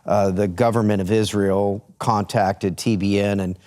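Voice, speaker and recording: A talk-show host from Texas, speaking in a fairly low voice with a relaxed, rambling delivery. He restarts and repeats words as he tells his anecdote. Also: unhurried. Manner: storytelling with many restarts. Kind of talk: casual studio talk show.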